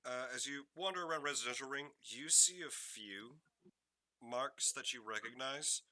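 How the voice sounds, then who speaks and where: A man narrating as game master for a tabletop game, relaxed and conversational with many fillers. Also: mid-range voice, moderate pace, no echo.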